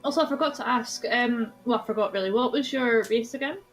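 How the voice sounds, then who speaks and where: A woman talks through an online tabletop session in a fairly high voice, chatty and easygoing. She explains her ideas at length and laughs softly now and then. Faint music plays in the background. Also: fast, poor audio. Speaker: player in a tabletop game. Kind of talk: casual chat over voice call.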